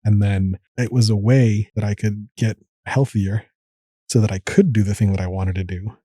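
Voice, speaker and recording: A man's voice: on the low side, fairly even intonation, moderate pace, warm tone, no echo. A man in his thirties, a medical fellow and podcast guest, telling his story in a casual interview and acting out his own past thoughts.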